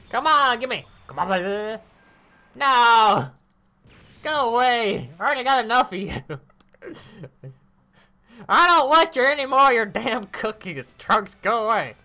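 Woman, game commentator, slow and bright, animated, swears freely. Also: on the high side. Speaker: mobile game streamer. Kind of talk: casual gameplay commentary.

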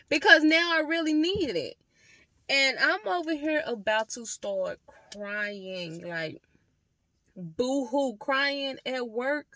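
A young woman telling a storytime vlog to the camera, animated and swearing freely as she talks to her viewers. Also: high-pitched, no echo. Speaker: vlogger.

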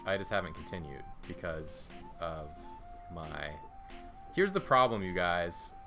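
A man co-hosting a casual game stream with an easygoing, joking delivery. He chats with his co-host and thanks viewers, keeping things loose and unhurried. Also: deep voice, faint music behind. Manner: joking and relaxed.

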